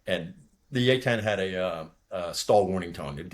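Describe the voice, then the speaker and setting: A man in his sixties from near Boston, a retired fighter pilot telling a war story in casual, profane, rambling talk. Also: low-pitched. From from near Boston, USA. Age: 60s. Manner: rambling, profane, talks fast when nervous.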